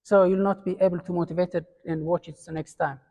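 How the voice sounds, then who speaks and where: A man's voice: high voice, fairly even intonation, fast, a little mellow, muffled recording. Ethiopian guy teaching a class, lots of uh and restarts, big echoey hall. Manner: explains step by step with many fillers and restarts. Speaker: lecturer. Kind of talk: recorded classroom lecture. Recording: long hall reverb.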